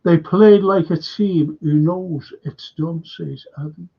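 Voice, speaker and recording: A man with a Liverpool accent hosts a casual live stream and reads out viewer comments as he goes. His voice sits a little high and sounds husky, and he talks slowly. The recording is dull and lo-fi. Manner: chatty, reading out viewer comments. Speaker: fan channel host.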